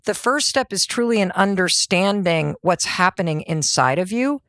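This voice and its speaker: A middle-aged woman hosting a motivational podcast, talking in an energetic, conversational way and asking herself rhetorical questions. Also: fairly low pitch, moderate pace, dry recording, clean studio sound. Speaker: podcast host.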